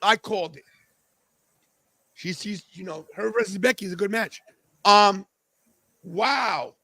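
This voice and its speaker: A young man hosting a live wrestling watch-along podcast, talking casually and reacting excitably. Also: high voice, measured pace, no room sound. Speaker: podcast host.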